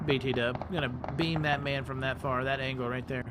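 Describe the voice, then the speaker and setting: Male esports caster: fast, excitable play-by-play over a noisy live feed. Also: mid-range voice. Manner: rapid, excitable, self-correcting.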